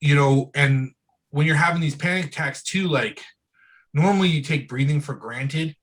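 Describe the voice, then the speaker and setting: A man's voice: fairly high pitch, normal speed, a bit bright, poor audio. A man as an interview guest in casual, candid conversation, speaking loosely and frankly and often saying "bro" and "dude".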